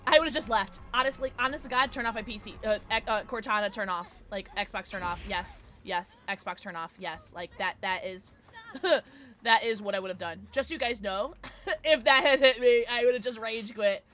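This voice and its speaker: A woman streaming a game and chatting casually with her viewers, playful and excitable. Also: medium pitch, moderate pace, faint music behind. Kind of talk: casual gameplay streaming, reading chat.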